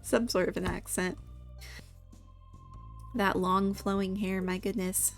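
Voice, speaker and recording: A young woman giving relaxed, chatty commentary while playing a farming game. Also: mid-range voice, slow pace, soft background music. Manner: relaxed, chatty, giggly asides. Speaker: gaming video host. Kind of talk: casual gameplay commentary.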